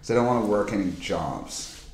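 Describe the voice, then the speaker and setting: A man's voice: lowish voice, brisk, slight background noise. Ranting man in an echoey room. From Canada. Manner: ranting, stammering, deadpan. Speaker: comedian guest. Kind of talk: casual comedy podcast chat.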